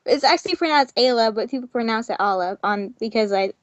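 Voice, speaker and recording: A woman's voice: fairly high pitch, animated, quick pace, no room sound. Chatty teenage girl, dry muffled sound. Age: teens. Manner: chatty, full of "like" and "um" fillers. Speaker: student, podcast co-host. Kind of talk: casual chat.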